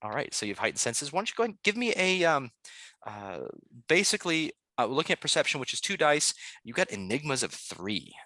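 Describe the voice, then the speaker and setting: A man's voice: medium pitch, very animated, fairly quick, sharp tone, dry recording, clean studio sound. A man running a tabletop game as game master, talking in a loose, rambling way with many fillers.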